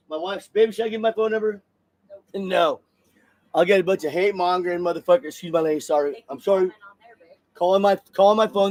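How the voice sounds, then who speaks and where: Heated high-voiced man ranting live. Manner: heated and repetitive, with stumbling restarts. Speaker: podcast host. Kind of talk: live political rant.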